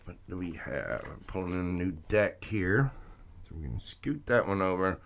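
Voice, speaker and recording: A man's voice: on the low side, very animated, moderate pace. A man reading tarot cards on a live stream, chatting with viewers and greeting them by name. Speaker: tarot reader.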